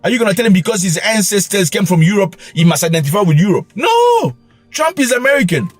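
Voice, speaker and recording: A male vlog host giving opinionated commentary in an animated, lecturing way, with mocking asides. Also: high-pitched, rapid-fire, no room sound, soft background music. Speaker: channel host.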